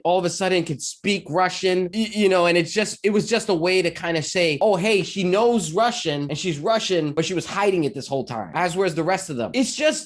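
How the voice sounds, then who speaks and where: Animated man ranting about a movie. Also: high-pitched. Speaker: movie reviewer, host. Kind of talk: casual review chat.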